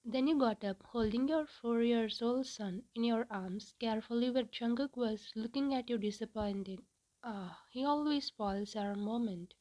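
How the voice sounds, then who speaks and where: A woman reading a fan fiction story aloud in an even, unhurried storytelling manner. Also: on the high side, rough recording.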